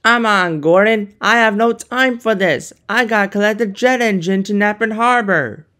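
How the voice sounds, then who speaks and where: A woman voicing a hardworking, touchy young male diesel engine in a fan-made animated series, defensive and boastful. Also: medium pitch, moderate pace, natural voice. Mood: annoyed.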